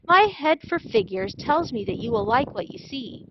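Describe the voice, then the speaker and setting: A woman's voice: high voice, very animated, normal speed, vocal fry, dull audio, background noise, voice pushed up, exaggerated voice. Amelia Bedelia, a woman voicing a chipper literal-minded housekeeper. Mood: cheerful. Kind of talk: children's storybook read-aloud.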